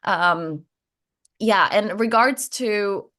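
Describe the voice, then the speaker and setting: A woman's voice: mid-range voice, very slow, sharp tone. A middle-aged woman coach chatting candidly and animatedly over a video call, with many fillers and easy laughs. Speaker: transformation coach. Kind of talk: casual spiritual conversation.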